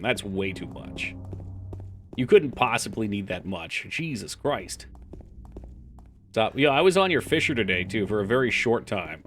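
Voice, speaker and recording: A man's voice: on the low side, a little hiss or hum. A man streaming a game live, chatting casually with his chat, swearing freely and now and then reading game text aloud. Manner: reads game files aloud in a flat voice.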